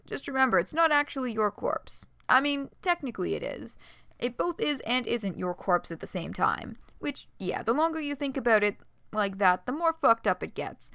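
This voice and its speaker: A woman's voice: fairly high pitch, vocal fry, bright, forceful tone, no room sound, clean studio sound, heavily acted. A woman voicing a snarky, laid-back teenage boy in a read-aloud story.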